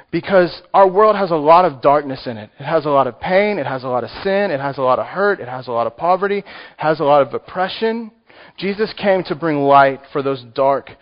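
A man with a Texan accent preaching a sermon, conversational and joking with the congregation. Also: a little high. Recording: muffled lo-fi recording.

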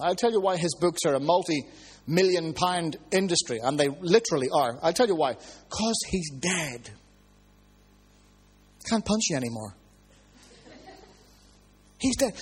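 A man preaching a sermon, telling stories with lively swings between hushed and high exclamations. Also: breathy edge.

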